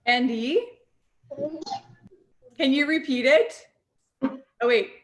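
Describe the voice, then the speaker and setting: A woman with a high voice breaks in on a video call, asking urgently and in short bursts for something to be repeated. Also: takes it slowly, poor audio. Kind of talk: casual interruption on a video call.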